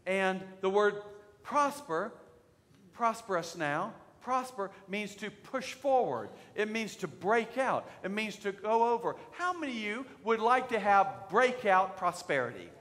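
A male pastor preaches in a bright, high voice that rings through a church hall. He leads the congregation in call-and-response and climbs into shouted declarations. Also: very animated, a little slow. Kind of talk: sermon. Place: church sanctuary.

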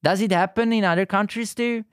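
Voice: mid-range voice, brisk, no echo, clean studio sound. A streamer from Naples whose first language is Italian talks with a strong Neapolitan accent. They chat casually and talk straight to the viewers. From Naples, southern Italy. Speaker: livestreamer.

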